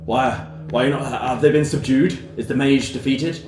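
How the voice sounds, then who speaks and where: A man voicing a calm, shrewd male bugbear leader in a tabletop role-playing game, speaking louder and higher than his own voice. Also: normal speed, echoey room, over music, close to an everyday voice. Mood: commanding. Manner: raises pitch and volume sharply for the character.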